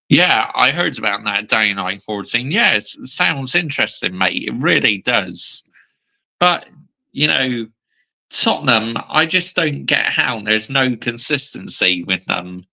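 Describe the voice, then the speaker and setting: A man's voice: medium pitch, creaky, bright, forceful tone, poor audio. A young man chatting casually about football on his own channel, swearing freely and repeating "I mean" between points. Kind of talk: casual live-stream football chat.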